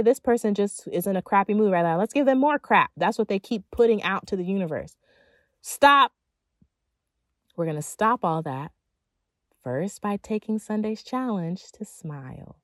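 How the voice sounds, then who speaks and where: A woman's voice: on the low side, a little mellow, no echo. A woman giving a motivational monologue as a feminine energy coach, emphatic and casual, with slang and playful asides.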